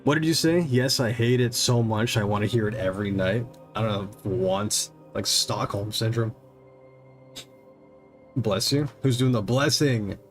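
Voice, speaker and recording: Over soft background music, a man with a fairly low, slightly slow voice streams a game, rambling and poking fun at himself as he mutters about settings and chats. He speaks into a desk mic and monitors on headphones.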